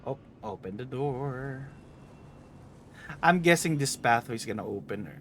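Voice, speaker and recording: A man's voice: mid-range voice, animated, a little slow, fairly bright tone, soft background music. A man streaming a game live, casually thinking aloud about what to do next.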